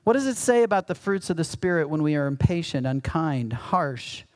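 A man's voice: fairly high pitch, very animated, moderate pace, darkish tone. A middle-aged male pastor giving a conversational sermon with self-deprecating humor.

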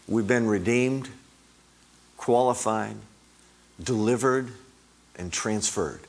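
A middle-aged man delivers a sermon at a slow, deliberate pace. His voice sits low, and he presses hard on repeated words, pushing each one higher. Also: lively intonation, husky. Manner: emphatic, rising on repeated words. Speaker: preacher.

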